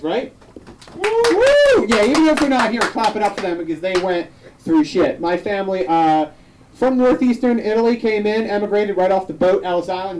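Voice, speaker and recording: A young man performs stand-up on a comedy club stage, spinning loose, chatty stories and snapping into quick quoted voices. His tone is mellow and rounded. He sounds a little distant from the microphone. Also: sits high. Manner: loose, conversational storytelling with quick acted quotes. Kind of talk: live stand-up set.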